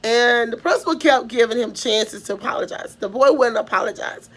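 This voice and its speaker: Fairly high-pitched and a little fast, this Southern-accented woman from Mississippi, USA, vlogs about something that happened to her. Her telling wanders, full of false starts and trailing "da, da, da" fillers.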